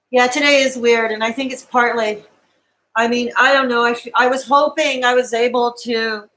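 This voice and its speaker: A woman's voice: a little high, a bit bright, poor audio. Tearful, raw-voiced woman live streamer. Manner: raw, emotional and defensive, talking to viewers in chat. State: crying.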